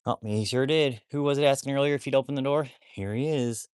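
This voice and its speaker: Man, casual vlog, scolding wolfdogs, slangy and profane, mid-pitched voice. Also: fairly even intonation, quick pace, smooth. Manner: scolding animals, swearing, repeats "that's crazy, bro". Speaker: wolfdog rescuer and live streamer. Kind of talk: casual vlog talk to dogs and viewers.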